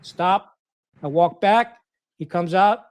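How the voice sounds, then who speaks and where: Speaking slowly in a clean, high-pitched voice, this retired Marine officer from Pakistan, now middle-aged, swaps war stories on a podcast. The chat is casual, and he's crude and blunt, stumbling through fillers and restarts.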